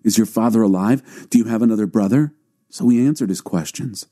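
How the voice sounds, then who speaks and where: A man's voice: lowish voice, fairly quick, mellow, lightly acted. A man reading the anxious, defensive words of a group of grown brothers. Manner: worried, defensive.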